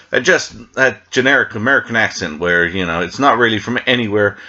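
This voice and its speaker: A man's voice: fairly low pitch, sharp tone, dull audio. A British man reviewing a TV episode in a meandering, tangent-filled casual chat, full of fillers. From Britain. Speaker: TV show reviewer.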